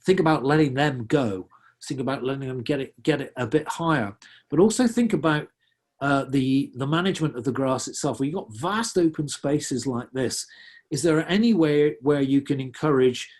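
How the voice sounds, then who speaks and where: A middle-aged talks through a slideshow on wildlife in a conversational, earnest way. His voice is husky and sits at an ordinary middle pitch. He often doubles back and restarts his sentences with fillers as he goes. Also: normal speed, darkish tone. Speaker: wildlife conservationist giving a talk. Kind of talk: illustrated public presentation.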